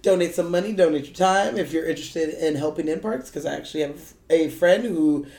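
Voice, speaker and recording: A woman's voice: deep voice, brisk, mellow. A woman co-hosting a podcast in casual chat, swearing freely and laughing often. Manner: profane, laughing, jokey. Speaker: podcast co-host. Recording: echoey room.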